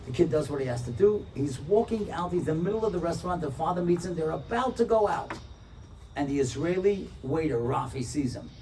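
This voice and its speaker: A male rabbi giving an inspirational talk, telling a story with lively, acted-out voices for its characters. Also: fairly high pitch, a little fast. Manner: animated, acts out the characters' lines. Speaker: rabbi, speaker. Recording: distant mic with faint room noise.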